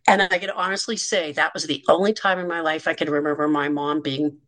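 A middle-aged woman with a slightly low-pitched voice tells a candid story from her past as a child actor. She speaks frankly and with dry wit, often breaking into brief laughs. She restarts phrases as she gathers her thoughts, in the loose rhythm of a conversational interview. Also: fairly even intonation, brisk, a bit bright.

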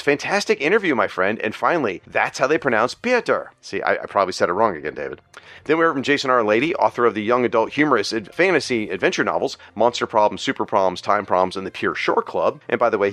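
A middle-aged man hosting a podcast, reading listener comments aloud in a casual, animated way and joking about his own mispronunciations. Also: medium pitch, no room sound. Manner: animated, self-deprecating about pronunciation. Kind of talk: casual podcast feedback segment.

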